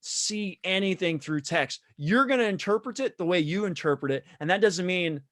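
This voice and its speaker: A man's voice: sits high, lively intonation, normal speed, fairly bright tone, no echo, clean studio sound. A man who is a guest on a podcast, chatting casually in a rambling way, repeating words as he goes.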